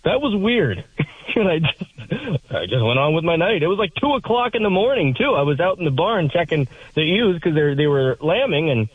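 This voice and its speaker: A caller with a husky, slightly breathy voice comes through a tinny phone line. He tells his story with a lively, swinging pitch and keeps slipping into impressions of other people. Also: fairly quick, few pauses, no room sound. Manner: animated storyteller, mimics voices, laughs a lot.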